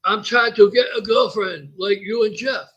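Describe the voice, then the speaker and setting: A man putting on the voice of a slow-talking, childlike young man who draws out his words in a high, pleading tone. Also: a bit bright, slightly rough, highs cut off. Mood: earnest. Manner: high, drawn-out, pleading delivery.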